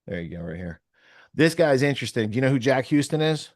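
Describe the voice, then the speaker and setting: A man's voice: medium pitch, big pitch swings, fast talker, dry recording. Man hosting a podcast, dry close sound. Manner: rambling, thinking aloud while browsing sources. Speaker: podcast host. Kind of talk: casual podcast talk.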